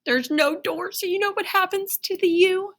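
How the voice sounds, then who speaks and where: A woman teacher giving a playful, animated phonics lesson to young children. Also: extremely high pitch, moderate pace.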